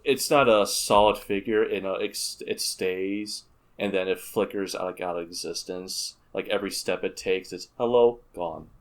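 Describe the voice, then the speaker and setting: Man with a lowish voice, rambling. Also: fairly even intonation, moderate pace. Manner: rambling storyteller with many restarts. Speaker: podcast guest. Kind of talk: casual gaming podcast chat.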